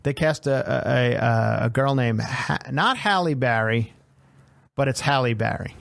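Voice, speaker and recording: A man's voice: medium pitch, measured pace, creaky, fairly bright tone, dry recording. A man hosting a comedy podcast in a casual, profane rant, riffing and stumbling over names. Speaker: podcast host.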